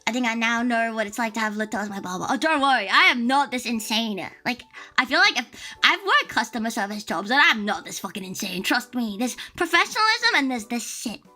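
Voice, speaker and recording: A woman in her twenties from Australia, a VTuber telling a story in casual chat, animated and swearing freely. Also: a little fast, soft background music. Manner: animated, swearing, mimics people in high voices. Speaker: VTuber streamer.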